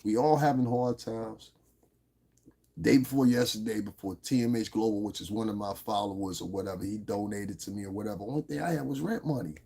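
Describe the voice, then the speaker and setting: A man's voice: on the low side, a little fast, gravelly, warm tone, breathy edge. A middle-aged man hosting an unscripted livestream, talking bluntly and with a lot of swearing straight to the viewers in his chat. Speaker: livestream host. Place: lives in Las Vegas.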